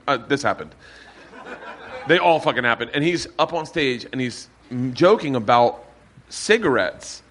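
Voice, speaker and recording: A man hosting a live podcast, telling swearing, animated stories and acting out the voices of the people in them. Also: medium pitch. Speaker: comedian podcast host. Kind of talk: storytelling to a live audience. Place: bar with live audience.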